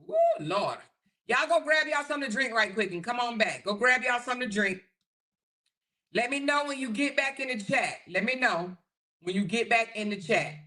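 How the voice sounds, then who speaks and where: Chatty bright-voiced woman livestreaming. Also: fairly high pitch, animated, normal speed. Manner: chatty, talks straight to the chat, repeats herself. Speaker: livestream host. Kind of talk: casual livestream commentary.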